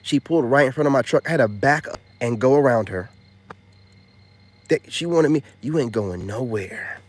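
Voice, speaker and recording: A man vlogging a casual story in a rambling, slangy way, dropping loud boasts and then hushed asides, full of filler phrases. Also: mid-range voice, normal speed.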